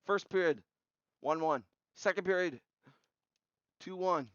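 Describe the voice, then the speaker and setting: A young man recapping simulated hockey games in quick bursts of scores, getting excited at big goals. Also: high voice, clear, resonant tone, no room sound. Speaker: video game simulation commentator. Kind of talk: play-by-play recap commentary. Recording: slightly dull lo-fi audio.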